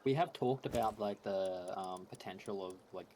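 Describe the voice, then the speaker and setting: A man's voice: low voice, moderate pace. A man co-hosting a game stream, chatting casually and hesitantly, with plenty of fillers. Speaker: co-host streamer. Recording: loud background noise.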